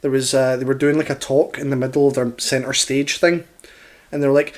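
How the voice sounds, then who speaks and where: A man's voice: medium pitch, level tone, a little fast, a little mellow. A man with a Scottish accent on a podcast, telling an anecdote in a joking way. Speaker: podcast co-host. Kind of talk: casual chat.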